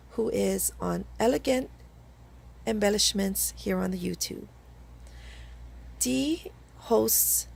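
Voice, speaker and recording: A woman hosting a casual craft video from home, talking through her projects in a chatty, slightly halting way while hoarse from a cold. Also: medium pitch, a little mellow. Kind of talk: casual craft tutorial chat.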